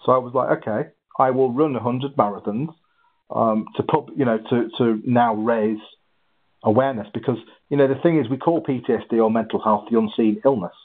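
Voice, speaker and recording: Husky man, interview guest, tinny phone-like audio, animated storytelling. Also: medium pitch. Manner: animated, halting restarts, acts out quotes. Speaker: guest, ultra runner.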